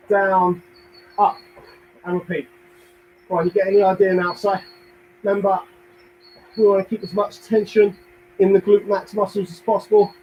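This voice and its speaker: A young fitness instructor from London, full of energy and with a voice high for a man, leads a home workout. He counts reps, cheers viewers on and throws in jokey asides. The low-quality recording carries a faint hum underneath.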